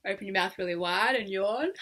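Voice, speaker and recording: A woman's voice: medium pitch, a bit bright. A young woman leading a guided tapping session in a playful, coaxing way, laughing often and exaggerating her words. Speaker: EFT tapping coach.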